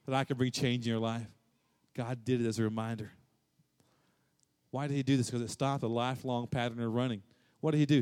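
A man preaching a sermon, rising to loud high peaks and dropping to quiet, low stretches, and repeating phrases for emphasis. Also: a little fast. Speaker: pastor.

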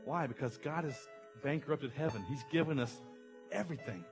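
A man's voice: a little high, normal speed, over music. A middle-aged man preaching a passionate sermon as a pastor, acting out an illustration with someone from the congregation.

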